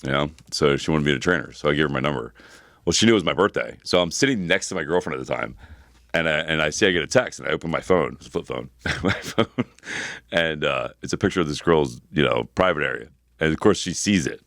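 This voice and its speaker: Podcast co-host, man, thirties, deep and quick, rambling storyteller with a dry close sound. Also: lively intonation, creaky, fairly bright tone, no room sound. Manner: rambling storyteller, swears freely, repeats himself. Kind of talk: casual chat.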